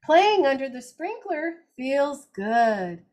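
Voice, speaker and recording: Animated high-voiced older woman reading aloud. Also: slow. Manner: animated, expressive, gentle. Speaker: circle time teacher. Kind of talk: reading picture books aloud to children.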